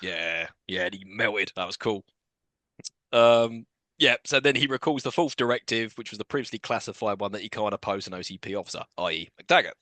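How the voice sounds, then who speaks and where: A man's voice: fairly low pitch, animated, brisk, pushed and bright, no echo. A man co-hosting a podcast, animatedly recapping a film's plot and mocking scenes in put-on voices. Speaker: podcast co-host. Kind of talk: casual film-review chat.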